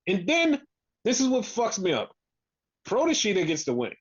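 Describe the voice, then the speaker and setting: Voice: medium pitch, huge pitch swings, normal speed, husky. Fed up podcast co-host swearing thru a wrestling recap, muffled lo-fi sound. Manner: exasperated, profane ranting. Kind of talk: casual wrestling recap chat. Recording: dull lo-fi sound.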